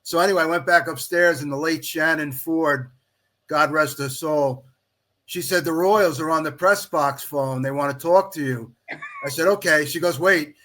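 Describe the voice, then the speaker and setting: This podcast guest, a middle-aged official baseball scorer, has a fairly high voice and a moderate pace. He spins a long story in casual conversation, animatedly acting out what other people said.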